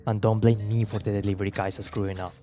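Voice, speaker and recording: A man's voice: fairly low pitch, flat delivery, fast, dark tone, faint music behind, voice pushed down, close to an everyday voice. A man voicing a verbose, sardonic young brother. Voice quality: articulate, dry and sarcastic.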